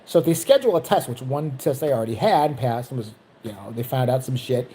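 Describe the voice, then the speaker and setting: Profane, animated woman telling stories. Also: sits low, fast, hardly any pauses. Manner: animated, profane, jumps into voices. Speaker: vlogger. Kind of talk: casual storytelling.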